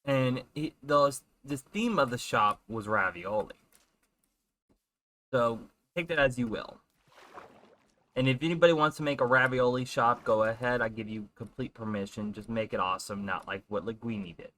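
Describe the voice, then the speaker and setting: A young man casually telling a funny dream story in an animated way. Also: mid-range voice. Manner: animated, puts on quick character voices in quotes.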